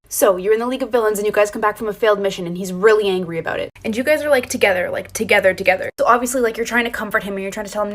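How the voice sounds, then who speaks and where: A woman tells a second-person fan story in a casual, chatty way. She talks fast at a middle pitch and leans on filler words as she goes. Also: a bit bright.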